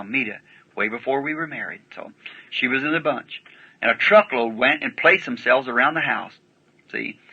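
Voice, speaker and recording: A man preaching and telling a story with homespun, rustic grammar. His voice is piercingly bright and tense, with a husky rasp. It comes through a dull, muffled, lo-fi archival recording. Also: mid-range voice. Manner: folksy plain-spoken telling with rustic grammar. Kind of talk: sermon storytelling.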